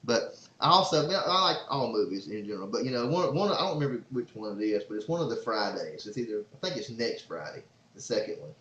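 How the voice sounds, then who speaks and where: Excitable man, roomy sound. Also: medium pitch, fast. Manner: excitable, rambling storyteller. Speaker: podcast host and father. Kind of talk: casual podcast storytelling. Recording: roomy, slightly dull sound.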